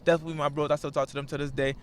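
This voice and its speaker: A young man from Kansas City, a podcast guest chatting casually in fast slangy talk, breaking into sudden high-pitched shouts. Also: little pitch movement, slight background noise. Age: young adult. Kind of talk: casual chat.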